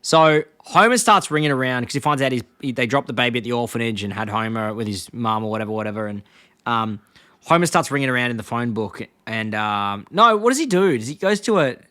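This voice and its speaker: A man's voice: lively intonation, a little fast, bright, forceful tone. A young man co-hosting a podcast, retelling scenes in a rambling, casual way and breaking into quoted lines. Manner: rambling, acts out quoted lines with jumps in pitch and frequent laughs. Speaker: podcast co-host. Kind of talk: casual chat recapping episodes.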